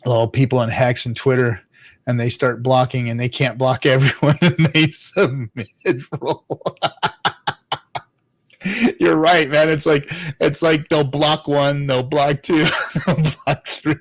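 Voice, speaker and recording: A man in his middle range of pitch chats loosely on a livestream, swearing freely and chuckling between thoughts. He trails off, restarts, and sometimes sinks into quiet low mutters before picking back up. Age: adult father. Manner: profane, rambling, laughs often, drops to low mutters. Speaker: crypto livestream host reading chat. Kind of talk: casual livestream chat.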